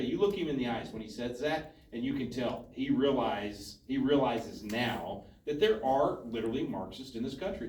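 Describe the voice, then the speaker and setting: A man's voice: mid-range voice, a little mellow, a little hiss or hum. A man at a town hall, earnestly giving his view in a political discussion. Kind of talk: political commentary to an audience. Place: town hall meeting room. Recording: echoey hall from a distance.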